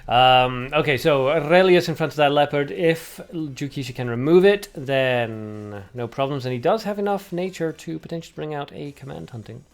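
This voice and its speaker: A man's voice: fairly high pitch, expressive, moderate pace, hardly any pauses. A man hosting a livestream, commentating a card game tournament play by play while joking with viewers in chat. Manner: chatty and jokey, banters with viewers. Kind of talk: live game commentary mixed with chat replies.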